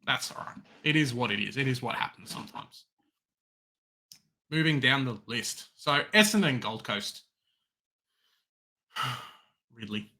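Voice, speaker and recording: A young Australian man hosting a fantasy football show in casual chat, animated, swinging from loud excitement to resigned muttering. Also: mid-range voice, a little slow, long pauses. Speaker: fantasy football podcast host.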